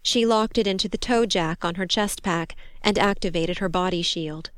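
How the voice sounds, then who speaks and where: A woman reading a war story aloud in steady, measured scripted narration. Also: on the low side, smooth, no echo, studio quality. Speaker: audiobook narrator.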